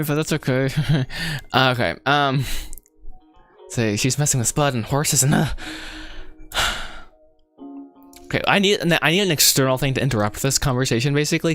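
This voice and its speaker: A man's voice: mid-range voice, a bit bright. A young man chatting casually on a livestream while writing a script, rambling, laughing often and joking at his own expense. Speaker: livestreaming writer.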